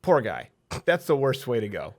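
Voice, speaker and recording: A man in his thirties hosting a talk show, chatting casually with quick, animated bursts of emphasis. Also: medium pitch. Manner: fast, animated delivery with sudden loud bursts. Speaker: host.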